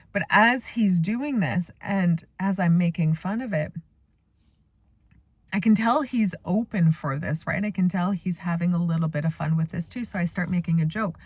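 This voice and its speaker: A middle-aged woman with a fairly low voice speaks to her phone from a parked car. She coaches in a casual, animated way, slipping playful asides into her stories. The sound is close and dry, with no room around it. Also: moderate pace, no room sound. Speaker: spiritual coach. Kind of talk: casual motivational talk to camera. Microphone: phone camera.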